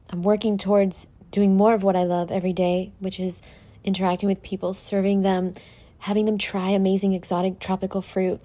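Mellow-voiced woman talking candidly. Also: mid-range voice. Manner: candid, emotional, swears freely. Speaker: podcast host. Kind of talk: casual solo podcast monologue.

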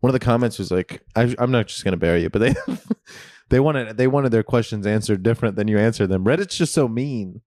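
A man hosting a podcast in casual chat, talking in a quick, rambling way with lots of fillers. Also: lowish voice, a little mellow, no echo, clean studio sound. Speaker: podcast host.

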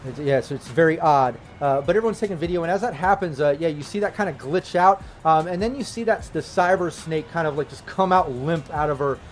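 A man's voice: on the high side, brisk, few pauses, soft background music. A man running a tabletop role-playing game as game master, narrating the action in a loose, casual way full of fillers.

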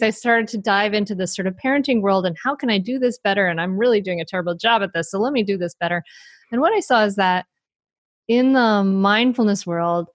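A woman guest author answering interview questions in a lively, self-deprecating way, laughing often. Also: medium pitch, dry recording.

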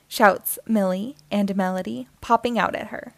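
A woman reading a picture book aloud to children, expressive and sing-song. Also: mid-range voice, unhurried, gravelly, hardly any pauses, dry recording. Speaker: storyteller.

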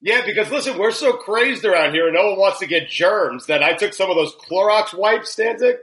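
A man hosting a casual comedy podcast, telling stories in an animated way, laughing often and swearing freely. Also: high voice, brisk, low-quality recording. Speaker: podcast host.

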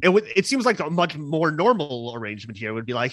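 A man's voice: a little high, very animated, fast, few pauses, a bit bright, dry recording. A male podcast host recapping a TV episode in casual chat, hesitant and full of fillers. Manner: hesitant, lots of fillers and restarts.

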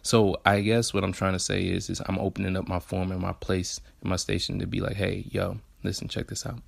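A man's voice: level tone, fairly quick, no echo. A man in his twenties with a Southern US accent hosting a podcast, talking in a laid-back, candid way full of slang and swearing. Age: 20s. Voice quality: deep gravelly husky voice. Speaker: podcast host. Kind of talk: casual solo podcast monologue.

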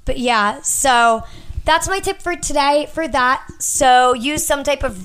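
A woman's voice: sits high, measured pace, a bit bright. A woman co-hosting a casual podcast, rambling and filler-heavy, close to the mic. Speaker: podcast co-host. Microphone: close studio mic.

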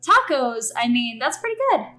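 Woman podcast host, slightly high voice, playful and chatty, laughs easily. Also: very animated, normal speed, bright, forceful tone. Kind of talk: casual conversational podcast.

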